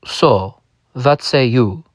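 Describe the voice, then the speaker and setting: A man's voice: medium pitch, drawn-out words, no room sound. A man voicing a smug, menacing male company lawyer with a German accent who makes veiled threats.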